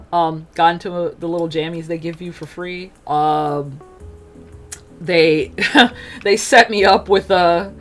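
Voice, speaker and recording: Woman, casual storytelling, chatty, lots of fillers, acts out voices, faint music behind. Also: lowish voice. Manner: chatty and animated, many fillers, acts out quotes. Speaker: streamer telling a personal story.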